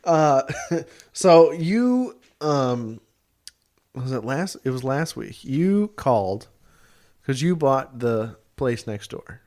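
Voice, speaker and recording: A man co-hosting a casual podcast, teasing his partner and cutting in with questions. His voice sits at a middle pitch. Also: big pitch swings, takes it slowly, a little mellow. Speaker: podcast co-host. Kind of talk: casual chat.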